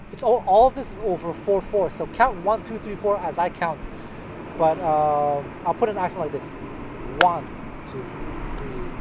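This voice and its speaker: A man teaching a casual guitar lesson, chatty and joking, counting beats out loud. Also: on the high side, noisy background. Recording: loud guitar playing under voice.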